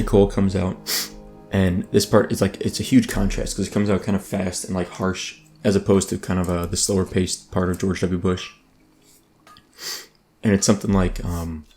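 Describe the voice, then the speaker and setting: Deep-voiced guy rambling thru a let's play, lots of ums, quiet music under it. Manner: rambling, many ums and restarts. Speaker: gaming YouTuber. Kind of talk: casual let's play commentary. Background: soft background music.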